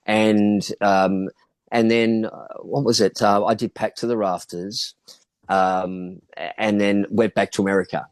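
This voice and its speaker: A fairly low-voiced Australian man spins a loose, rambling anecdote, full of ums and restarts. His voice is recorded close and dry, with no room sound around it. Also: level tone, unhurried, clear, resonant tone, no echo. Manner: rambling, with many fillers and restarts. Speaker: actor and guest. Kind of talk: casual interview storytelling.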